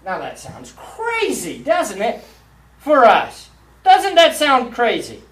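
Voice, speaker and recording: A man, a pastor, preaching a sermon in a church sanctuary, emphatic and swinging between loud and hushed delivery. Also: very high-pitched, huge pitch swings, slow pace. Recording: roomy echo, mic at a distance.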